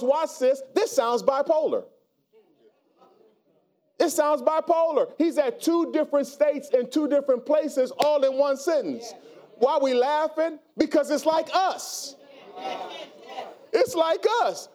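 Pastor guy, really high voice, preaching loud with call and response. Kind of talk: sermon.

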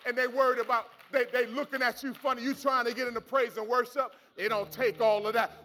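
A male pastor preaching a sermon with rising shouts and repeated words. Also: very high-pitched, little pitch movement, a little fast, hardly any pauses, soft background music.

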